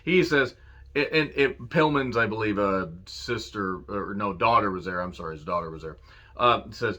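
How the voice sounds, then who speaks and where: A man giving a casual solo review of a wrestling show, cursing freely, laughing and quoting promo lines with excitement. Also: fairly low pitch, normal speed. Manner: profane, enthusiastic, laughs and quotes lines.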